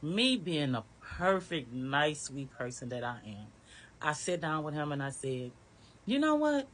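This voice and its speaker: A woman's voice: deep voice, unhurried, fairly bright tone, a little hiss or hum. A woman candidly telling her own story in a casual, blunt way, with some swearing. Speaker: storyteller recounting her marriage.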